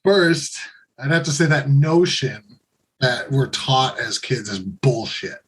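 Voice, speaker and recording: A man's voice: mid-range voice, animated, slow, a bit bright, husky. A young man talking candidly as a podcast guest, blunt and earnest, swearing freely.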